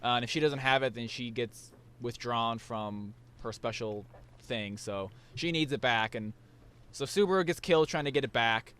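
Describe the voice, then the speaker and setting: A man's voice: mid-range voice, normal speed, a bit bright, smooth. A young man hosting a casual chat, rambling through a recap with many restarts and fillers. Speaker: podcast host.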